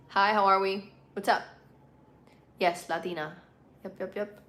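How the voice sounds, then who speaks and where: A woman's voice: mid-range voice, unhurried, pushed and bright, reverberant. Bilingual woman streamer reading chat. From Puerto Rican and Colombian, living in the US. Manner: puts emphasis on words, bilingual speaker. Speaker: live streamer. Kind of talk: casual live-stream chat reading comments.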